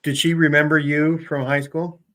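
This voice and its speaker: A man's voice: a little high, flat delivery, normal speed, a bit bright. A man in his sixties hosting a casual interview, asking friendly questions and making teasing asides. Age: 60s. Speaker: podcast host.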